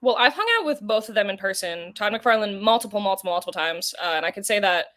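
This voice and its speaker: Brief: woman guest, rapid-fire rambling anecdotes, mid pitch. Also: a bit bright. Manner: chatty, rambling storyteller with many fillers. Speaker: podcast guest. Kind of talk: casual interview chat.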